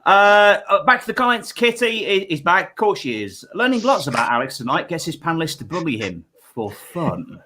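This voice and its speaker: A man's voice: on the high side, very animated, moderate pace, hardly any pauses, pushed and bright, slight background noise. A man hosting a comedy panel show, chatty and stammering, self-deprecating. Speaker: host.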